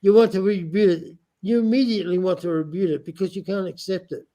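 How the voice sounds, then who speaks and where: Man with a non-American accent, insistent and lecturing, warm mellow voice, slightly high. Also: fairly even intonation, fast talker. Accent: non-American English. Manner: insistent, lecturing, repeats points. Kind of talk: heated casual argument.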